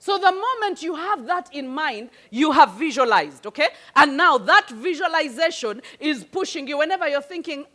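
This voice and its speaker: A woman giving a motivational talk, lively and conversational as she speaks straight to her audience. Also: sits high, normal speed, few pauses. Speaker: life coach and channel host.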